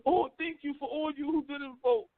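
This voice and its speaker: A man voicing a panicky, preachy man in a high-pitched mocking parody over a phone line. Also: steady tone, normal speed, no room sound.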